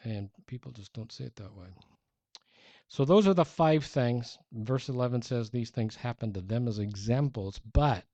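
A man preaching a sermon as a pastor, conversational and animated, acting out the people he quotes. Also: mid-range voice, moderate pace, no room sound, dull audio.

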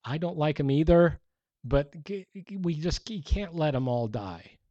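A man's voice: a little high, animated, a little slow, dark tone, no room sound, muffled recording, pitched above the performer's own voice. A man voicing a weary, exasperated leader pleading with God in an everyday tone.

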